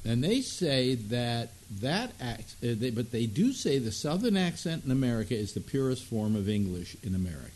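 A man hosting a casual talk show, speaking haltingly with many restarts and posing provocative questions. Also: mid-range voice, big pitch swings, darkish tone. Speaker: host.

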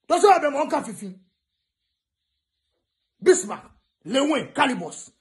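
A man's voice: very high voice, big pitch swings, unhurried, pauses often. A Ghanaian man ranting in a taunting way, mixing English, pidgin and Twi. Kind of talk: ranting video message.

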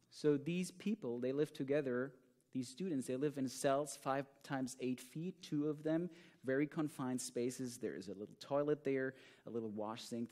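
A man's voice: mid-range voice, dark tone. A man teaching improv, explaining his prison class to a conference audience in an earnest way. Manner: earnest explaining, reads student quotes aloud. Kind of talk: conference talk.

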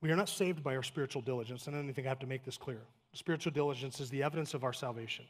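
Emphatic male pastor preaching fast. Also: medium pitch, in a large hall. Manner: emphatic, building lists of short clauses; plain conversational asides with light humor. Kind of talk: sermon. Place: church sanctuary.

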